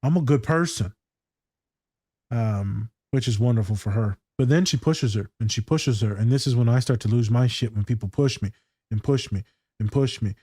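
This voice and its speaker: Guy with a warm low-key voice, cussing and telling stories, super dry sound. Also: a little fast, husky, no echo. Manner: profane, slangy, storytelling. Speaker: podcast co-host and school therapist. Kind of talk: casual chat reacting to a TV scene.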